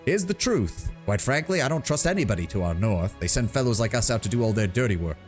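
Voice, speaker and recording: A man's voice: lowish voice, big pitch swings, fast, soft background music. Man doing a hearty frontier lord. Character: jovial burly male frontier lord, friendly and shrewd.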